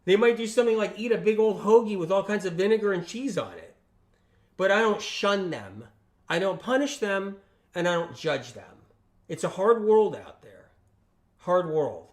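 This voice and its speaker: A man's voice: sits high, moderate pace. A man hosting a casual livestream, talking emphatically and repetitively, often tagging his points with questions and acting out quoted friends. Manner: acts out quoted friends in lively voices. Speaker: health channel host on a livestream.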